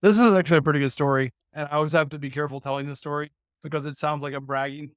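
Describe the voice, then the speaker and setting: A man in his thirties tells a story as a podcast guest, his voice pitched a little high for a man. He is animated, playful and self-deprecating. The recording is close and dry, with no room sound. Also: rapid-fire, clear, resonant tone, no room sound. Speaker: podcast guest, former college football player. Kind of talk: casual anecdote-telling.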